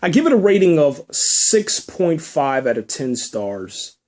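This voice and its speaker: Emphatic man reviewing a film, raised pitch. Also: big pitch swings, a little slow, darkish tone. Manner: emphatic, repeats himself when worked up. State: emotional. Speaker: podcast host. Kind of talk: solo spoken movie review.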